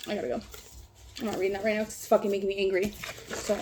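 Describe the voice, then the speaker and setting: A woman vlogger who reads a text aloud haltingly and breaks off into rambling, profane talk. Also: medium pitch, little pitch movement, a little mellow, slight background noise. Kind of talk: reading aloud and casual ranting.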